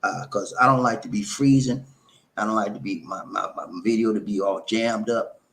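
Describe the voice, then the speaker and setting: A man's voice: lowish voice, steady tone, moderate pace, a bit bright. A middle-aged man hosting a live advice talk, preachy and repetitive, calling viewers his friends. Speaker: host of a relationship channel.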